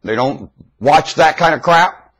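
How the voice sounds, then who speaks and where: A man talking into a webcam in a rambling, blunt monologue, swinging between loud emphatic outbursts and low mutters. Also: a little slow. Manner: blunt, confrontational. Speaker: webcam video maker. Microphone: webcam microphone.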